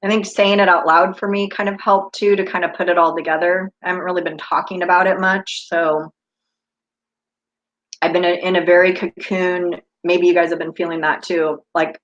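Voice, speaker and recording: A chatty woman in her fifties hosts a spiritual live stream, her voice sitting a little low. She wanders off on tangents as she talks to her viewers, and the stream audio sounds slightly dull and lo-fi. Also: flat delivery, moderate pace. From United States. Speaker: intuitive coach hosting a live stream.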